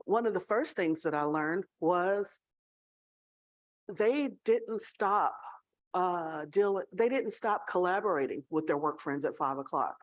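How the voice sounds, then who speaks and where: A woman's voice: fairly low pitch, animated, a little slow, no room sound. Southern American woman telling a story. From Tennessee, USA. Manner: conversational storytelling, checks in with the audience. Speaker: college student affairs leader. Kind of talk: speech at a staff awards gathering.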